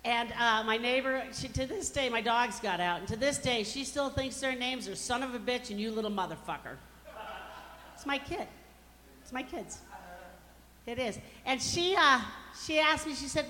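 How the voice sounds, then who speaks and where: A brash woman comedian in her fifties from Colorado works through her stand-up set with a bright, forceful voice that sits a little high. She lands each self-mocking punchline hard. Her voice carries a long hall reverb over faint background hiss. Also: lively intonation, normal speed. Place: comedy club stage.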